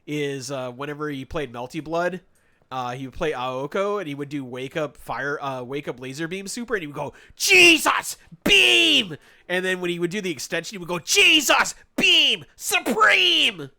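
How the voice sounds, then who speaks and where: A man chatting casually on a live stream while gaming, telling animated, sarcastic stories and laughing often. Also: fairly high pitch, a little fast.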